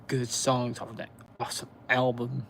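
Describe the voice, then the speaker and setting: A man with a Southern US accent chatting on a live stream, pausing often as he recalls band names. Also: mid-range voice, completely flat delivery, a bit bright, a little hiss or hum. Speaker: metal music streamer. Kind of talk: casual live stream chat.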